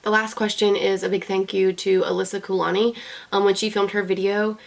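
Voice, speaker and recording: A young woman speaks straight to her camera in a heartfelt video diary, her voice full of deep vocal fry. She rambles earnestly, circling back with fillers and restarts. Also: flat delivery, fairly quick. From United States. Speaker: beauty vlogger.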